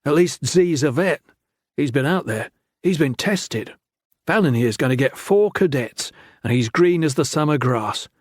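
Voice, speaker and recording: A wisecracking young cadet, put on by a male narrator, trades teasing jibes. His voice sits higher and brighter than the narration, with a quick, casual lilt. Dry, close audiobook sound. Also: lively intonation, breathy edge, dry recording. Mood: joking. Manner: joking, teasing banter.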